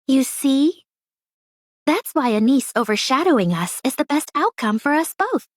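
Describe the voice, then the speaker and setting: A woman's voice: high-pitched, very animated, normal speed, dry recording. An actress voicing a scheming, cynical young woman ex-idol who talks in a cool, mocking, calculating way. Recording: dry close studio recording.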